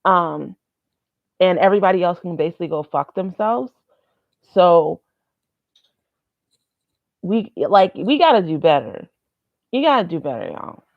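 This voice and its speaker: A woman's voice: on the low side, very animated, measured pace, vocal fry, pauses often, dry recording, phone-quality sound. A young woman vlogging casually, rambling and candid, swearing freely. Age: young adult. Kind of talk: casual vlog monologue.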